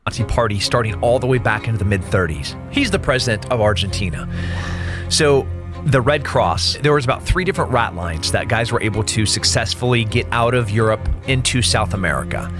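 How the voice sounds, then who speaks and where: A man who is a guest on a podcast, explaining things in an animated storytelling way. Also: lowish voice, brisk. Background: music.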